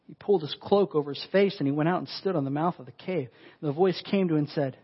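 A pastor preaching a sermon in a conversational, emphatic way, often saying "like". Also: male voice, on the high side, fast, slightly rough, highs cut off.

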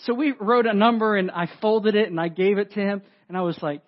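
A pastor preaches in a high, bright voice, spinning a story with animated, self-deprecating asides to his congregation. The recording is dull and lo-fi, as if from an older sound system. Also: fairly quick. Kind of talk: sermon storytelling. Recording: dull lo-fi audio.

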